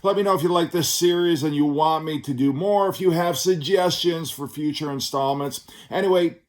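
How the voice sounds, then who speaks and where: A man's voice: on the high side, moderate pace. A man giving a casual album review as the channel's host, blunt and sarcastic, swearing freely. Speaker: record reviewer.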